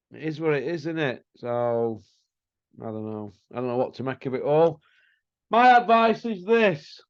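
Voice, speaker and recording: A man's voice: medium pitch, no echo, muffled recording. A man, hosting a casual show and ranting bluntly and scornfully. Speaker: host.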